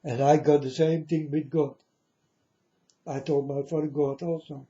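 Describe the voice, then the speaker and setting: Slow mournful man, dark and muffled. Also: a little high, level tone. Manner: slow, mournful, repeatedly addresses listeners as folks. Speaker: self-styled prophet. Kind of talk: prophetic warning monologue. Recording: dull lo-fi audio.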